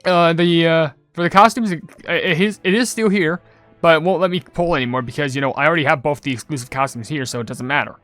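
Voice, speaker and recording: Chatty young man with a slightly high voice. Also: fast, no room sound, faint music behind. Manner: chatty, rambling, gets loudly excited over loot. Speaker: gaming channel host. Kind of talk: casual gameplay commentary.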